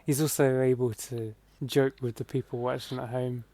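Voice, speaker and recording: A man's voice: mid-range voice, little pitch movement, moderate pace, warm tone, dry recording. A man co-hosting a podcast, making dry, wry remarks in casual chat. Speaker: podcast co-host.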